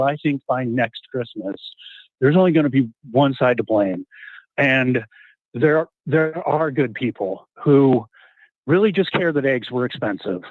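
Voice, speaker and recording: A middle-aged man from Texas calling in, talking earnestly and haltingly with many restarts. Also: medium pitch, no echo. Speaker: caller. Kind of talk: call-in talk. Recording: tinny phone line, dry.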